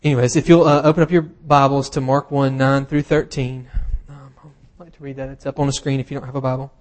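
A man delivers a sermon in an informal, talky style, his voice sitting at an ordinary middle pitch. He slips wry, self-deprecating jokes in between scripture points and pads his phrases with easy fillers. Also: level tone, fast talker. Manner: casual and self-deprecating, with humorous asides and frequent fillers. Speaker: preacher. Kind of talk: conversational sermon.

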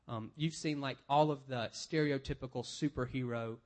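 A man's voice: mid-range voice, fairly even intonation, moderate pace. A man, a pastor, preaching a conversational sermon, reading scripture aloud and explaining it with everyday examples.

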